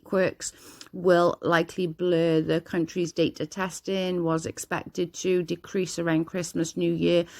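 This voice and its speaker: A woman's voice: on the low side, creaky, a little mellow. A woman reading statistics aloud off the cuff, stumbling over names and breaking in with small reactions. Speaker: video host reading out statistics. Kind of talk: casual reading aloud with comments.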